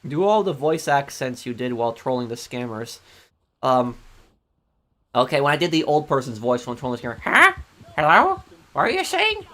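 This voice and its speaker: A man with a mid-range voice chats casually with viewers while streaming a game, talking fairly quickly. He answers chat hesitantly, with plenty of ums and restarted sentences.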